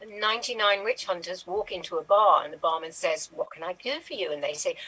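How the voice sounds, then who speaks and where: A woman in an improv game telling a short joke at an unhurried pace. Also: lowish voice, bright, forceful tone, slightly rough, distant mic, rough recording. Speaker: improv performer. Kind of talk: telling one-line joke setups.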